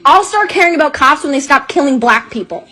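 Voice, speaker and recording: Woman, very high and lively voice, confrontational, keeps pressing questions in a heated argument. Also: a little fast.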